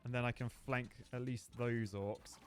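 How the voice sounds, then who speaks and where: A young man giving chatty, excitable live commentary while he plays a strategy game, joking as he goes. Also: mid-range voice, unhurried. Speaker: gaming streamer. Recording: faint music behind the voice.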